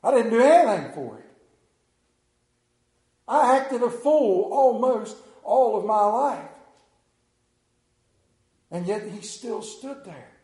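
A man gives a sermon with rising emotion in a room full of reverb, his voice high and swooping up and down. He stumbles, hesitates and repeats words as he's carried along. His intonation is lively and the voice a little mellow.

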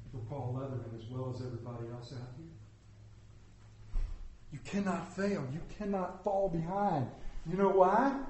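A man preaching a sermon, telling a story that swells loud and then drops to quiet prayer. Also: a little high, slight background noise. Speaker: pastor. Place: church sanctuary. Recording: echoey church room.

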